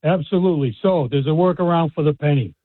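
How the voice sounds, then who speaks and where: A man's voice: on the high side, fast, no echo. A man with a Boston accent calling in to a radio show, laid-back and matter-of-fact. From Massachusetts. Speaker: caller. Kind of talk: phone-in chat. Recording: tinny phone line.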